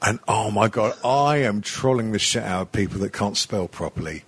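A man's voice: on the low side, moderate pace, background noise. A middle-aged man with a crude, rambling, mocking way of talking in a casual chat, swearing often and laughing as he goes.

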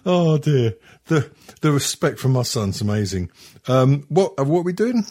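A man's voice: medium pitch, big pitch swings, moderate pace, darkish tone. A middle-aged man hosting a podcast in a rambling, sweary, casual way, full of ums and restarts. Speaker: podcast host.

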